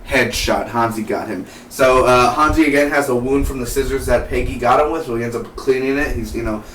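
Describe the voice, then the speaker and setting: An excitable man rambles through a TV episode review, tripping over his words and restarting. He sits a little back from the mic in an echoey room with a faint hiss behind. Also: medium pitch, fairly quick, far from the mic. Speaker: TV show reviewer. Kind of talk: casual enthusiastic review.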